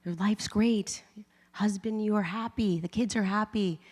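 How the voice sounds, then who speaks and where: Speaking at a measured pace with fairly even intonation, this woman has a mid-range, darkish voice. She's an adult wife and mother sharing a funny conversion testimony before a live crowd, often laughing and playing out what she was thinking. Long reverb from the large event hall fills the recording.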